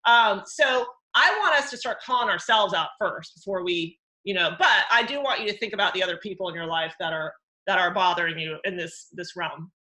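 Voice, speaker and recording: Bright-voiced, chatty woman teaching a workshop. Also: brisk, rough recording. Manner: chatty, animated, mimics others in high voices. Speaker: workshop host and counselor. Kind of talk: live workshop talk.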